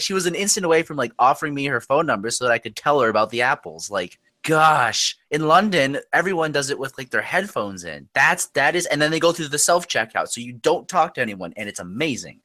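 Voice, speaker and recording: Bright, animated man chatting. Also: mid-range voice, a little fast. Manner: rambling anecdotes, playful. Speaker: podcast co-host. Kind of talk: casual chat.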